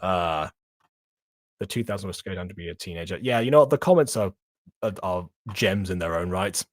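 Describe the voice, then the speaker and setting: A man's voice: low-pitched, lively intonation, fairly quick, no room sound, studio quality. A man co-hosting a reaction stream, chatting casually and rambling with frequent laughs. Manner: rambling, laughing between thoughts. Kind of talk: casual chat.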